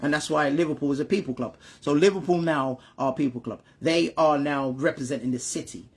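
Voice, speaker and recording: A brisk man with a voice on the high side and a breathy edge talks to his son about football history in an informal chat. He's the father and the channel host, often saying "right?" and "you understand me?" and restarting words when he stumbles.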